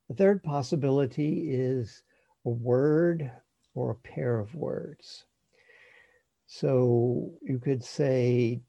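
A man calmly teaching breath meditation, speaking in a slow, measured way that trails off softly at the ends of phrases. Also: mid-range voice, gravelly, husky, no room sound, muffled recording. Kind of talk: guided meditation instruction.

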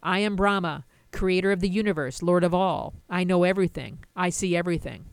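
A woman's voice: on the low side, brisk, clean tone, no room sound, natural voice. A woman voicing a boastful male creator god who keeps repeating his titles. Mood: grandiose.

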